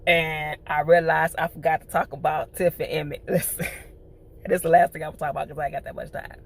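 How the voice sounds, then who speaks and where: Woman reviewer, casual recap, gravelly voice, slangy and animated, faint hum. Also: deep voice, fast talker. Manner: chatty, animated, uses slang. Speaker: TV show reviewer.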